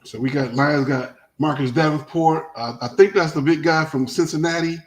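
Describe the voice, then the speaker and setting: A man hosting a casual sports talk show, telling stories in a rambling, animated way with many restarts. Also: a little high, normal speed, low-quality recording.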